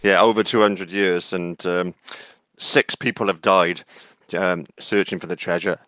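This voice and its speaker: Very low-voiced man hosting a casual chat. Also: fairly even intonation, measured pace, fairly bright tone, no echo. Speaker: podcast host.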